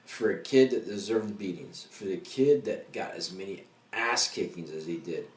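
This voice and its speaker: A man co-hosting a comedy podcast, telling a story with lots of swearing in a casual, animated way. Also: low-pitched, moderate pace. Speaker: podcast co-host. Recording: echoey room with faint ambience.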